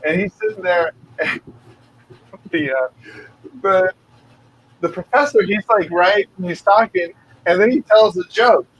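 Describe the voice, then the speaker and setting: A man's voice: sits high, fairly bright tone, husky, low-quality recording. A middle-aged man co-hosting a podcast, telling rambling, laughing anecdotes in casual chat. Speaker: podcast co-host.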